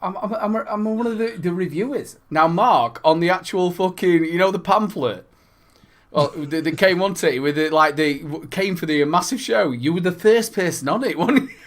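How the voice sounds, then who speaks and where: A man's voice: fairly high pitch, moderate pace. A man with a Yorkshire accent co-hosting a casual chat, telling stories with lots of swearing and laughter. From Yorkshire, England. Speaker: podcast co-host.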